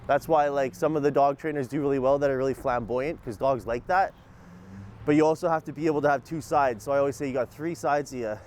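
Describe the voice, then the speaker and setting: A man giving casual dog-training instruction outdoors on a walk with his dog, shifting between upbeat and calm and giving short commands. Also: mid-range voice, quick pace, slight background noise.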